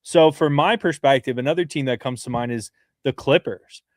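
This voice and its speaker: A man's voice: medium pitch, dry recording. Earnest man in dry close-mic sound. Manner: earnest, fast-flowing analysis with many restarts. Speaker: sports podcast co-host. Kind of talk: casual sports talk.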